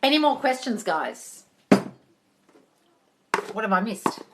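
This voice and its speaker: With heavy noise in the background, a woman hosts a casual phone livestream from home, drifting into the kitchen while she answers viewers' questions. She's chatty and blunt, swearing and calling people darling. Her slightly high voice swings widely in pitch, and she speaks slowly.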